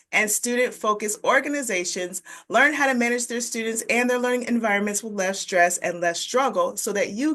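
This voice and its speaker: A woman's voice: mid-range voice, fairly bright tone. A woman who works as a behavior strategist, speaking straight to teachers with upbeat, encouraging advice. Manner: upbeat, encouraging, addresses viewers directly. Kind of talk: direct-to-camera teaching tips.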